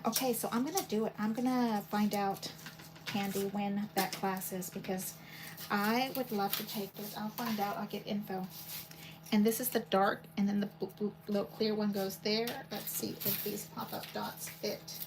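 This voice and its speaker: A woman hosting a paper crafting video, chatting casually and thinking aloud as she works at home. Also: mid-range voice. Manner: chatty, rambling, thinks aloud while working. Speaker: paper crafting channel host. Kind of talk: casual craft demo chat. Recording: home recording with steady background noise.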